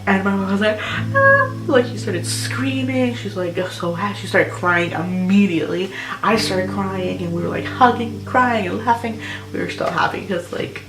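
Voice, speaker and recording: A woman's voice: mid-range voice, moderate pace, far from the mic. A young woman vlogger telling a personal story in a rambling way, full of fillers like "like" and "um". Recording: roomy echo with music behind.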